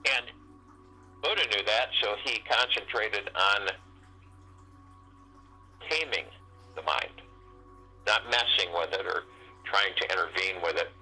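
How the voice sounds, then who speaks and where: A man hosting a group meditation call, giving a spiritual teaching talk in a halting, repetitive way that keeps circling back to key phrases. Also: lowish voice, bright, forceful tone, rough recording. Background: faint meditation music.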